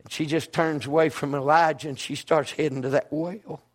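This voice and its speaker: A man preaching a storytelling sermon, folksy and emphatic, dropping to a hush and rising to a shout. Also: fairly high pitch, steady tone, moderate pace.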